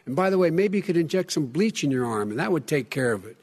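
A man in his seventies in a heated live debate, earnest and pointed, with frequent halting restarts. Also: a little high, sing-song, darkish tone. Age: 70s. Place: debate stage in a hall.

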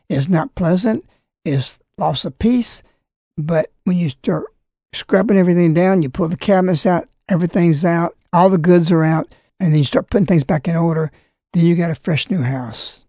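A man's voice: high-pitched, a little mellow, no room sound. Emphatic, preachy man in a dry room. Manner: emphatic, preachy, stresses words heavily. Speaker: religious commentator. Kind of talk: impassioned religious commentary.

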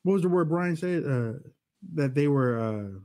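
Man, co-host, casual panel chat, halting delivery, slightly raised pitch. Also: animated, dark tone. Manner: halting, searching for words, many fillers. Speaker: show co-host.

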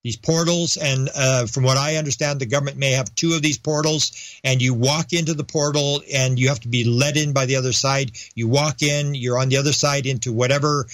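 A man's voice: mid-range voice, steady tone, fairly quick, a bit bright, no echo. A man talking as a podcast guest in casual interview chat. He rambles, restarts his sentences, and slips into raised voices when he acts out quoted dialogue.

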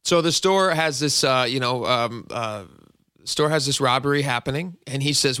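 A man's voice: medium pitch, moderate pace, sharp tone, clear, resonant tone, no room sound. A man hosting a talk radio show on a studio microphone, chatty and jokingly self-mocking.

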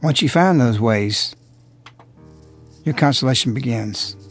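A man's voice: mid-range voice, lively intonation, unhurried, faint music behind. A man giving earnest religious commentary on a radio program, preaching and asking rhetorical questions. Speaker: radio host.

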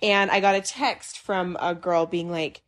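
A young woman co-hosting a podcast, telling stories in an animated way, laughing and acting out quotes. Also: fairly low pitch, measured pace. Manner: animated, laughing storyteller who acts out quotes. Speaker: podcast co-host. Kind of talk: casual chat.

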